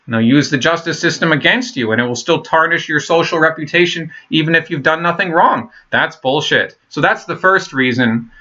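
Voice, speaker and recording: Man, 30s, blunt rambling monologue, fairly high voice, dull lo-fi recording. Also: fairly quick, few pauses, pushed and bright. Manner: rambling, blunt, swears, many fillers and restarts. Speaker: vlogger. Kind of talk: casual monologue to camera.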